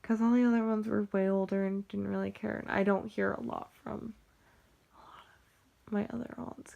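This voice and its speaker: A woman's voice: medium pitch, flat delivery, moderate pace, vocal fry, warm tone, lo-fi sound. A young woman with a Western American accent, chatting casually and rambling about her family, saying "like" constantly. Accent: General American, Western US. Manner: rambling, heavy use of "like", frequent restarts. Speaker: vlogger.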